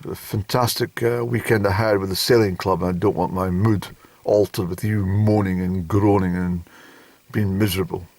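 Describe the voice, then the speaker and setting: A man's voice: sits low, fairly even intonation, normal speed, darkish tone, no room sound. A man with a Scottish accent voicing a grumpy, impatient male doctor who is fed up with his patient. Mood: grumbling. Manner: irritated, dismissive.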